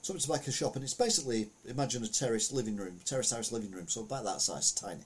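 A man's voice: mid-range voice, animated, fast, breathy edge. A man giving a casual, rambling commentary on the week's news, full of anecdotes and asides.

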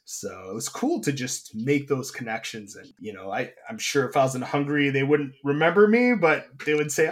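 A man hosting an interview podcast, chatting casually and telling lively anecdotes. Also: medium pitch, moderate pace, hardly any pauses. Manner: animated, acts out voices in anecdotes. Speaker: podcast host. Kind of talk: casual chat, storytelling.

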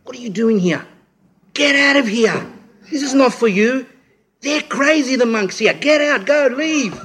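A man voicing a gruff policeman who urgently tells a young visitor to leave, in a raised, pushier voice than his own. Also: very high-pitched, expressive, unhurried, fairly bright tone, voice pushed up, exaggerated voice. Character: gruff male policeman shooing a stranger away.

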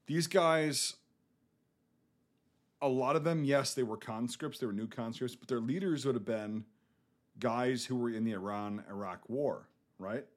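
A man from the United States co-hosting a podcast, talking casually, swearing, and rambling through explanations. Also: medium pitch. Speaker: podcast co-host. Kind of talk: casual chat.

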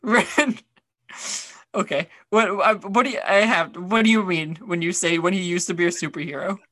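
Bright-voiced man, chatty podcast host. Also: high voice, moderate pace, no room sound, studio quality. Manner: chatty, rambling, many fillers. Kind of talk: casual chat.

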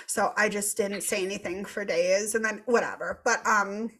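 A woman in her thirties hosting a podcast, telling a story in casual chat, animated and laughing as she goes, swearing freely. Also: mid-range voice, moderate pace. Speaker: podcast host.

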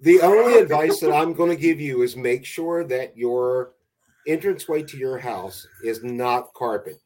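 An easygoing man, a guest on a podcast, talks in a loose, rambling way. He stops and restarts his sentences often. His voice has an average pitch and a plain tone. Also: moderate pace, darkish tone. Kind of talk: casual podcast chat.

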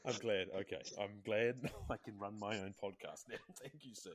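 A man hosting a casual podcast chat, playful and quick to laugh. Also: lowish voice. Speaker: podcast host.

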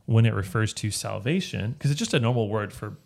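A man's voice: on the low side, a little fast, vocal fry, a little mellow. A man leading a casual Bible study, explaining a passage step by step and often checking in with "right?". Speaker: Bible teacher.

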